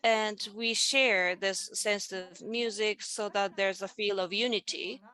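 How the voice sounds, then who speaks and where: A woman presents over a video call, her mid-range voice unhurried and deliberate. She explains each idea step by step and leads her listeners through simple vocal exercises. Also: medium pitch, fairly even intonation, pushed and bright. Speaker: presenter in a panel dialogue. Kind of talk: online presentation on voice and music.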